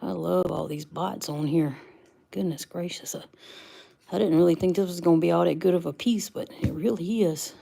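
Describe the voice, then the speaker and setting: A woman's voice: lowish voice, moderate pace, creaky, warm tone. A woman, chatting casually with viewers on a livestream while unboxing rocks. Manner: chatty, greets viewers by name, laughs easily.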